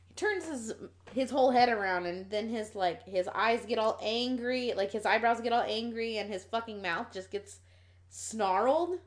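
A woman's voice: a little high, expressive, normal speed. A woman co-hosting a casual chat, blunt, with dry asides.

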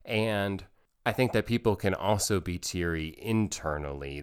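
A man's voice: low-pitched, smooth. A man giving a thoughtful, reflective monologue about feelings and healing, building his points through repeated phrases. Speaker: speaker on parenting and emotional healing.

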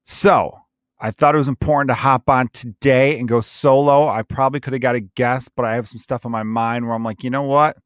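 A man's voice: medium pitch, steady tone, brisk, dry recording, clean studio sound. A man hosting his podcast solo, ranting crudely and comically, jumping into mocking voices when he quotes people. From Chicago area. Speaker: podcast host. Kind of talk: solo comedic rant. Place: home setup, remote recording.

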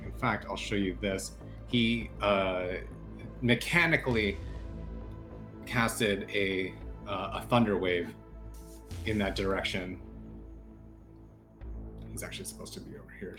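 A man narrating as game master of a tabletop game, halting with many fillers and restarts. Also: on the low side, a bit bright.

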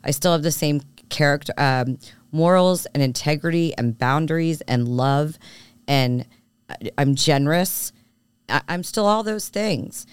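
A woman's voice: low voice, unhurried, smooth, dry recording. A woman co-hosting a podcast in casual chat, candid and self-assured, talking through her points with lots of asides. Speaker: podcast co-host.

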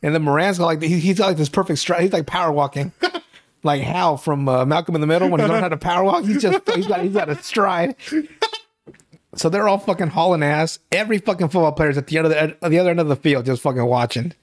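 Profane, rambling man with a higher voice. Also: quick pace. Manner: profane, rambling, laughs often, with restarts. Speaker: podcast host. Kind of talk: casual podcast chat recapping a TV series.

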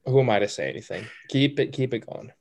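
A man's voice: mid-range voice, fast talker, a little mellow. A man co-hosting a sports podcast, telling a joking story in casual chat with lots of fillers. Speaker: podcast co-host.

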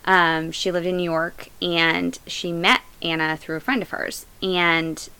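A woman's voice: fairly low pitch, steady tone, a little slow, sharp tone, clean tone, poor audio. A woman hosting a true-crime podcast, telling the story in a casual, chatty way with lots of fillers. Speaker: podcast host.

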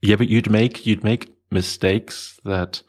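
A man's voice: fairly low pitch, steady tone, takes it slowly, a little mellow. A man discussing a novel in a casual chat, hesitant and full of restarts. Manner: hesitant, many restarts and fillers. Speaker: book club participant.

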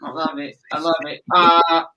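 Bright-voiced woman hosting, distant from mic. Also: low voice, little pitch movement, moderate pace, lo-fi sound. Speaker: host. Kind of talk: talk show hosting.

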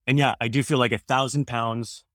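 A man in his thirties speaks earnestly as a podcast guest. His talk rambles and he often restarts sentences. His voice is mid-pitched and sounds dry and close, with no room sound. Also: steady tone, brisk, a bit bright, no room sound. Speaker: guest, former radio host. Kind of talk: casual conversation.

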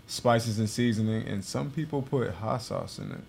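A man on a podcast crew, chatting casually and listing facts in a relaxed, matter-of-fact way. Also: lowish voice, moderate pace, creaky. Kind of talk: casual chat.

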